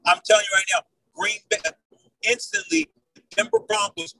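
A man co-hosting a sports talk show, arguing loudly and emphatically, hammering his points home with repeated phrases. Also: high voice, sing-song, moderate pace, recorded from a distance, rough recording. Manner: loud, emphatic, repeats "I'm telling you right now". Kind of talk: heated sports debate.

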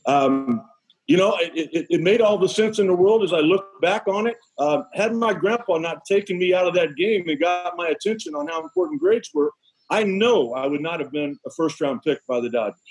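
Husky high-voiced storytelling man. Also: expressive, normal speed, soft background music, poor audio. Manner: folksy, acts out voices in his anecdotes. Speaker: former baseball pitcher, guest. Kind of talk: animated storytelling in a podcast interview.

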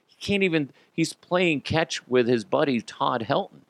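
A man hosting a podcast in a casual sports-talk style, animated, swearing freely and laughing often. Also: mid-range voice, moderate pace, few pauses, no room sound. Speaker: podcast host.

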